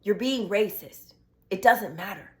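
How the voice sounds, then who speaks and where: A woman's voice: medium pitch, measured pace, darkish tone. A young woman vlogging in a casual, blunt style, ranting with heated profanity about a reality show. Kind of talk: casual opinion vlog.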